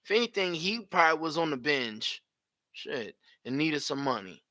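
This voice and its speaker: A young man giving blunt, profane live reaction commentary full of slang and loud outbursts. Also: on the high side, sing-song, normal speed, no echo.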